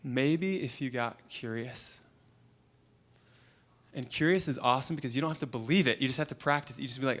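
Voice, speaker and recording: A man's voice: mid-range voice, fairly quick, pauses often, fairly bright tone. An earnest man in his thirties shares stories from his work and his family in a motivational conference talk. He speaks as a parenting expert. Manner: earnest storytelling, quoting a client and his child. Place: conference event.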